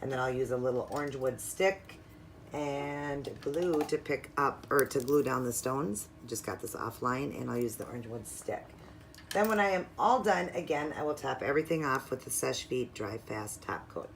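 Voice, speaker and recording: A woman's voice: extremely low pitch, lively intonation, normal speed, slight background noise. A woman hosting her own nail art video, walking through her supplies step by step in a chatty, upbeat way. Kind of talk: casual tutorial narration.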